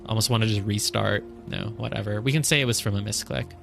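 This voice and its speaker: A man's voice: lowish voice, steady tone, quick pace, vocal fry, music in the background. Man thinking aloud over a puzzle game. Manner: thinks aloud, counts squares, scolds himself over mistakes. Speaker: streamer playing a puzzle game. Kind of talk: casual live gameplay commentary.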